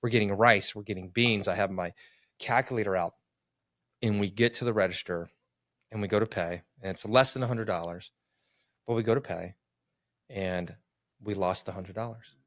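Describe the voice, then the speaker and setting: A middle-aged man telling a personal story in casual conversation, earnest and animated, acting out what people said. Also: lowish voice, moderate pace, pauses often, no echo, clean studio sound. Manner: earnest, animated, acts out quotes.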